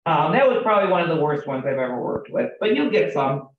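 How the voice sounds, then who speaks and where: A woman's voice: deep voice, sing-song, fast talker. Woman teaching a class from afar. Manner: chatty, candid, asks the class questions. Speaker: real estate trainer. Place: training room with a group. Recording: roomy, distant, dull classroom recording.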